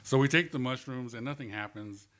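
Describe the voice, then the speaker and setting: A man, a comedian and guest on a talk show, telling a story in a loose, animated way, laughing as he acts out what people said. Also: mid-range voice, brisk. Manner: animated anecdote with laughter and acted-out quotes. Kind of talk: casual storytelling.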